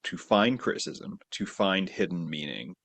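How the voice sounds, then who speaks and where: Middle-aged man, very low pitch, gravelly, dry close sound, reflective podcast host. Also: animated, moderate pace, a bit bright, dry recording. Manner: reflective, agreeable, thinks aloud. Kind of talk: casual podcast conversation.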